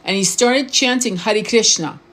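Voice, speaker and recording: A woman's voice: medium pitch, a little slow, fairly bright tone. A woman spiritual coach and tarot reader talking in a casual live-stream monologue, blunt and informal, swearing freely, restarting words and often asking the viewer questions.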